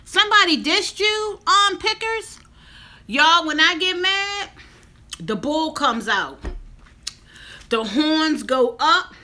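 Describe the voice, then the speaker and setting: A woman's voice: sits high, slow pace, long pauses. A woman, chatting casually and emphatically to viewers in a vlog. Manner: animated, talks straight to viewers, emphatic. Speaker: vlogger. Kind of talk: casual mukbang chat to viewers.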